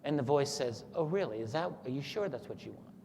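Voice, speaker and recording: A man at a talk retells a story to his audience in an earnest, steady voice of middle pitch, now and then acting out the lines he quotes. The sound has a long hall reverb with faint noise under it. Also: fairly quick, creaky. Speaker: speaker at a talk. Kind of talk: lecture with a story retold.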